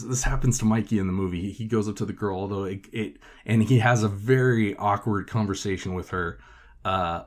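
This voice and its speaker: A man hosting a podcast and telling a story in a casual way, swearing often and filling his talk with "like" and "uh". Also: lowish voice. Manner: profane, filler-heavy with frequent "like". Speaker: podcast host.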